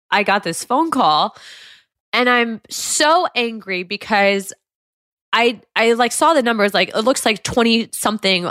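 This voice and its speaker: A woman's voice: mid-range voice, pushed and bright, dry recording, studio quality. A woman telling a personal story in an earnest, casual way, with many fillers and restarts. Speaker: guest telling her story.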